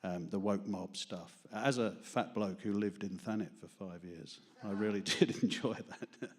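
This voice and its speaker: Man, London accent, slightly low voice, rambling stand-up, chuckles at own jokes, small studio crowd. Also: a little slow, darkish tone, breathy edge. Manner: self-deprecating, rambling, laughs at own jokes. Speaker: open mic performer. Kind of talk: stand-up comedy and poetry reading. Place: small studio with live audience.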